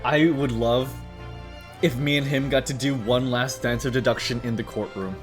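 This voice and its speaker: A man streaming a courtroom video game live, talking to chat in an excitable, gushing way. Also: medium pitch, moderate pace, soft background music.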